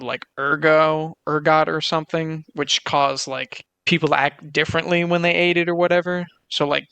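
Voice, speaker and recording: A man's voice: a little high, vocal fry, pushed and bright, clean tone, dry recording. A young man in casual chat, reading out facts and swearing casually. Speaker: podcast co-host.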